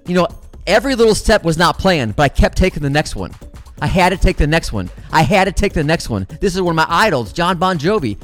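A middle-aged man spins a casual story in a slightly high voice and swears freely as he goes. He talks straight to his listeners and calls them guys. Faint music plays underneath. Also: quick pace. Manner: animated, profane, addresses listeners as guys.

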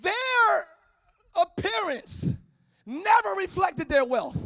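A man preaching a sermon as pastor, often shouting. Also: extremely high pitch, big pitch swings, slow pace, vocal fry, dry recording, studio quality. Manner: shouting, sing-song preaching with call-and-response. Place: church service, before a congregation.

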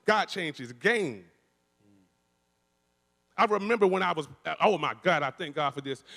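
Male church speaker, fervent preacher cadence, slightly high, long hall reverb. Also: a little slow, creaky. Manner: energetic, repetitive preacher cadence with frequent restarts. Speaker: worship musician and speaker. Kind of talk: testimony in a church service. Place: church building.

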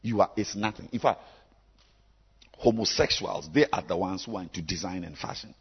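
A man preaching a sermon to his congregation, emphatic and repetitive, with sudden loud bursts. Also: low voice, moderate pace, slightly rough. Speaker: pastor. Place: church. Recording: echoey church hall, dull lo-fi sound.

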